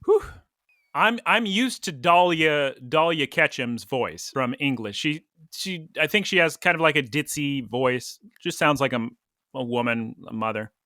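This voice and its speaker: Excitable guy co-hosting a podcast, pitch jumping all over, bright sound, dry recording. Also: unhurried, dry recording. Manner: playful, excitable, teasing. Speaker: podcast co-host. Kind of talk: casual chat.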